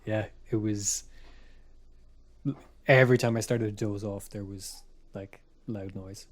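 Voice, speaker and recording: A man casually telling a spooky story on a podcast, rambling with restarts and dropping to a hush for his own thoughts. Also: lowish voice, steady tone, unhurried. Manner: rambling, restarts, quiet asides when recalling his thoughts. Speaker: podcast co-host.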